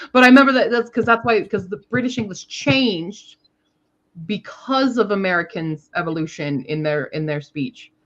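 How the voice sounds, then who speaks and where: A woman's voice: lowish voice, lo-fi sound. A woman from Minnesota co-hosting a casual writing stream, chatty and rambling, often slipping into playful accents. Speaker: co-host.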